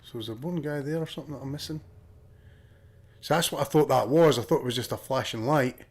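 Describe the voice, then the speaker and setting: A man's voice: mid-range voice, fast talker, darkish tone, husky. Sniffly Scottish man streaming a game. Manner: chatty, swears freely, laughs often. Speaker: gaming streamer. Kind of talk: casual live-stream chat and gameplay commentary.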